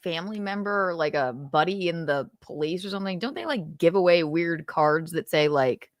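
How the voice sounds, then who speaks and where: A woman's voice: lowish voice, lively intonation, normal speed, no room sound, clean studio sound. Rambling woman in casual chat. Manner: rambling, self-interrupting, drops into a put-on drawl for quotes. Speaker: podcast co-host.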